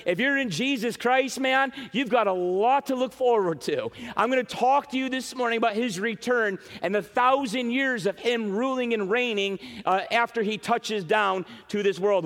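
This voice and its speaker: A man preaching a sermon as pastor, emphatic and animated, speaking straight to his congregation. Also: high voice, long reverb tail. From western New York.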